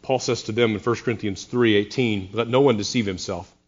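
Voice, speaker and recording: A man's voice: on the low side, a little fast, muffled recording. A man preaching a sermon, earnest, with wry sarcastic asides to his congregation. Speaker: pastor.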